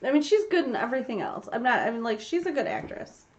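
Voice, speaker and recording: A woman's voice: a little high, lively intonation, quick pace, highs cut off. A woman co-hosting a podcast, chatting casually about a film, offhand and laughing often. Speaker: podcast co-host. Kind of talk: casual movie review chat.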